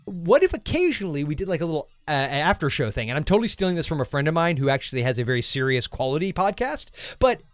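A man's voice: a little high, big pitch swings, quick pace, hardly any pauses, no echo. A man hosting a podcast, chatting casually and rambling with jokes as he thinks aloud. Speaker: podcast host. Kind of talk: casual chat.

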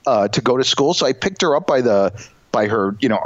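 A man's voice: medium pitch, expressive, brisk, no echo. Rambling self-mocking man, dry lo-fi sound. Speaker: podcast co-host. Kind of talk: casual chat.

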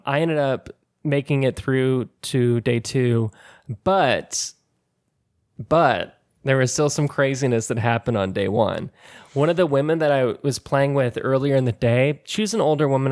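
A man's voice: medium pitch, darkish tone. A man on a podcast, chatting casually and telling a long story, laughing often and acting out what people said. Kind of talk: casual chat.

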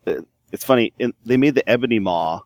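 A man's voice: medium pitch, animated, quick pace, darkish tone, no echo. A man co-hosting a gaming podcast, talking enthusiastically with many fillers. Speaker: podcast co-host. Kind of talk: casual gaming chat.

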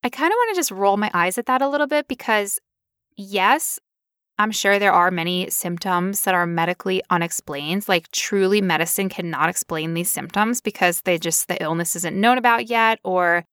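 A woman's voice: medium pitch, moderate pace, a bit bright, clean tone, no echo, clean studio sound. A woman co-hosting a podcast, talking casually with sarcastic asides. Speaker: podcast co-host.

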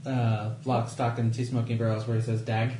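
A man's voice: medium pitch, a little fast. A man chatting curiously as a player in a tabletop game, often asking how words are said. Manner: curious, questioning, lively. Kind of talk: casual tabletop game chat. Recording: roomy recording with faint background noise.

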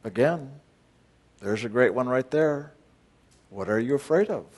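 In a group talk to retreat participants, the male leader speaks unhurriedly and expressively, his mid-range voice darkish with a breathy edge. He's blunt, throws rhetorical questions at his listeners, and now and then bursts out with sudden emphasis.

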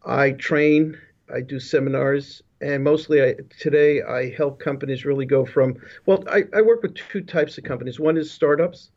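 A business leadership consultant, appearing as an interview guest on a remote video call, tells his life story in a rambling way, often restarting and going off on asides. His voice is fairly high and slightly mellow, and he talks at a moderate pace. The call audio is dull and lo-fi.

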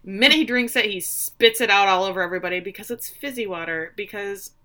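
Bright-toned woman recapping a show casually, doing little voices for the quotes. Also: mid-range voice, brisk. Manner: animated, acts out quotes in playful voices. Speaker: podcast co-host recapping a show.

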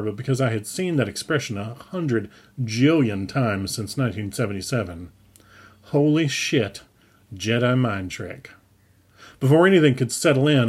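Husky, wry male storyteller. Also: mid-range voice. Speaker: author reading his own story. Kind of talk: audiobook narration.

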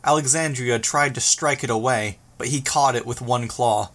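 This is scripted narration: a male audiobook narrator reading from a novel. His voice sits in the middle range, and his delivery stays even and measured.

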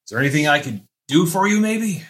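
A man's voice: a little high, very animated, fast, a bit bright, far from the mic. A man playing his character in a tabletop game, joking and starting lines with "like.". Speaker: player. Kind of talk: tabletop role-play.

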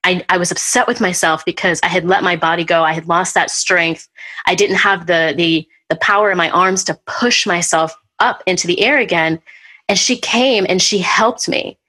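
A woman hosting a podcast, chatting casually and telling a personal story with lively, acted-out retellings. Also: fairly low pitch, moderate pace. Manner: animated storyteller, acts out what people said. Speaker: podcast host.

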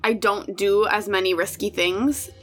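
A young woman, a player in a tabletop game, chatting quickly and eagerly with laughs. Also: medium pitch, fairly even intonation, faint music behind. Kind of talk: casual chat.

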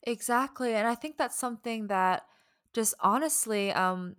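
A young woman with a Southern American accent, chatting casually in a conversation and talking in an animated way with laughs and quick asides. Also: a little high, no echo, studio quality. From Southern United States.

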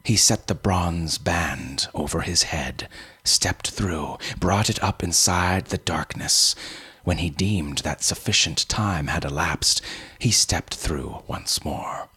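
Male narrator, deep and unhurried, breathy rasp, measured dramatic reading. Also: pushed and bright. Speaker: story reader. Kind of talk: scripted fantasy narration.

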